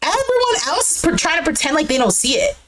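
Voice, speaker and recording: A young woman in a casual, animated reaction recap of a dating show, exclamatory and quick to laugh. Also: very high voice, a crowd in the background, rough recording. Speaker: recap streamer.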